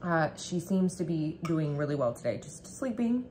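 Woman vlogger, lowish voice, chatty and rambling, home kitchen. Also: very animated, moderate pace, mellow, a little hiss or hum. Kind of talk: casual vlog chat.

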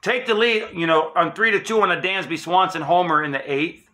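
A man's voice: high voice, a little fast, sharp tone. A man hosting his own sports channel, delivering a heated, emphatic, profane fan rant.

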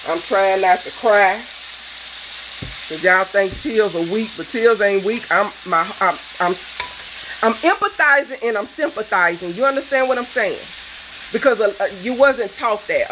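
A woman's voice: mid-range voice, noisy background. A woman, a cooking show host, delivering a fervent, preachy rant that scolds her viewers. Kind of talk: impassioned vlog rant.

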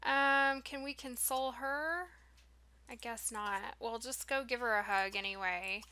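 Slow-talking woman, bright, reacting to gameplay. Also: fairly high pitch, fairly even intonation, smooth. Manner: reacts with dismay, talks to characters. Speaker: let's play host. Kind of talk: casual gameplay commentary.

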